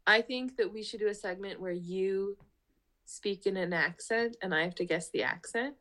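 A woman's voice: medium pitch, moderate pace, bright, forceful tone. Chatty woman podcast co-host. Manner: chatty, lots of fillers and 'like'. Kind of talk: casual chat.

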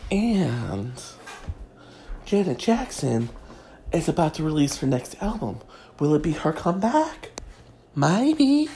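A woman from Kentucky with a Kentucky Southern accent, hosting a crude, sassy comedic gossip monologue with drawn-out emphasis. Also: low-pitched, sing-song, warm tone, slight background noise. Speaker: celebrity gossip host.

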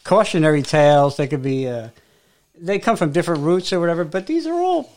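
A man's voice: a little high, very animated, brisk, darkish tone. A man co-hosting a podcast, telling stories in casual, rambling chat with frequent restarts. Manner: rambling, self-interrupting storyteller. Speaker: podcast co-host.

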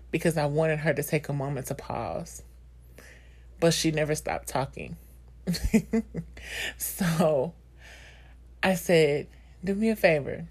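A woman's voice: low voice, a little mellow, breathy edge. A woman in her thirties hosting a podcast, speaking candidly and emotionally in a personal monologue full of fillers and laughter. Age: 30s. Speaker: podcast host.

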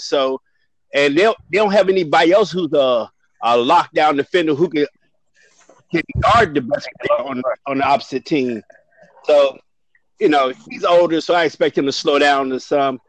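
A man's voice: on the high side, a little fast, no room sound. A man in a casual sports debate who talks loosely, with many fillers like "you know" and "I mean". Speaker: panelist.

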